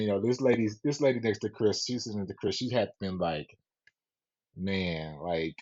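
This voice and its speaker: Podcast co-host, man with a low husky voice, lively and profane. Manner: animated, profane, laughing storyteller. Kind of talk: casual storytelling. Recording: dull lo-fi podcast audio.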